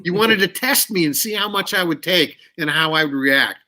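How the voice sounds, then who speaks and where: A man telling candid stories as an interview guest, animated and swearing freely. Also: fairly high pitch, moderate pace. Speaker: guest musician. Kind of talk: casual storytelling.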